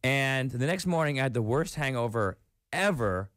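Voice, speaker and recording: A man guesting in a radio studio, spinning funny stories with bursts of laughter and lively jumps in pitch. His voice sits in a middle register and sounds dry and close. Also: normal speed, no echo. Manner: animated, laughing storyteller. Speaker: comedy tour guest.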